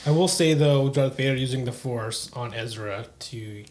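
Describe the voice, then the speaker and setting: A man's voice: medium pitch, moderate pace, darkish tone. A man co-hosting a casual chat, making short, dry, teasing remarks. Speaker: podcast co-host.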